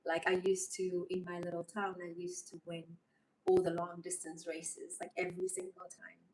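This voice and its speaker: A woman's voice: lowish voice, monotone, moderate pace, darkish tone. A woman chatting on a livestream, rambling and emotional. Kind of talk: casual livestream chat reading comments. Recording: voice a bit far from mic, faint noise.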